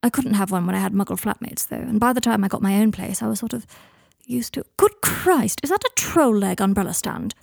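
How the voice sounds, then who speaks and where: Woman voicing a theatrical young man, dramatic, wry, husky, dry close sound. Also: medium pitch, lively intonation, fairly quick, few pauses, no echo.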